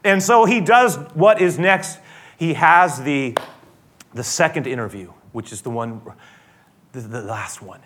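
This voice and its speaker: A male pastor preaching a sermon in an animated, storytelling way with frequent restarts. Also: a little high, unhurried.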